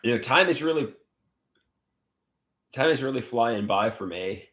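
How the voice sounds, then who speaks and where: A man's voice: medium pitch, animated, a little slow, a bit bright. A man hosting a casual livestream, rambling, repeating himself and greeting viewers by name as he reads their comments. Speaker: livestream host.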